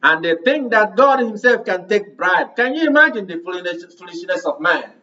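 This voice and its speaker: A man preaches with a high voice, hammering his congregation with rhetorical questions. He sounds set back from the microphone, and the recording is dull and muffled. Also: animated, normal speed, bright, forceful tone, recorded from a distance. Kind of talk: sermon.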